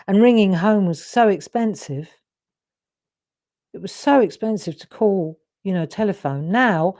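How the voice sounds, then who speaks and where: This craft demonstrator, a middle-aged woman, has a warm mid-range voice. While drawing live as host, she keeps up a casual, rambling chat that often breaks off into self-interruptions.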